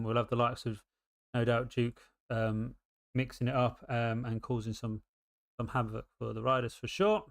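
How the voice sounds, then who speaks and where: A man's voice: medium pitch, clean tone, no room sound, studio quality. A British man giving casual live race commentary, rambling and full of ums and restarts.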